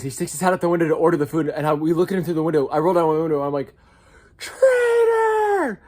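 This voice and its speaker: Funny college anecdotes come from a young man with an American accent in his casual vlog. He bounces from squeaky, loud outbursts down to low, murmured asides.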